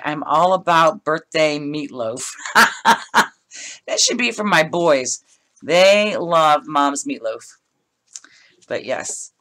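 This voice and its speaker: Opening her craft mail at home, a middle-aged vlogger talks in a low, animated voice that's slow and a bit bright. It's a casual unboxing chat full of gushing and frequent laughter.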